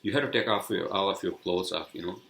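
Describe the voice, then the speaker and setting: A man's voice: low voice, fast, vocal fry, a bit bright, low-quality recording. A man hosting a solo podcast, telling a story in a rambling, profane way with many fillers and restarts. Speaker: podcast host. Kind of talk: casual solo podcast monologue.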